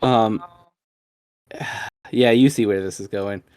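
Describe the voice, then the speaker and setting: A man co-hosting a casual chat, cracking wry deadpan jokes and sarcastic asides. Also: on the low side, slow pace, clear, resonant tone, no room sound, studio quality. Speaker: podcast co-host.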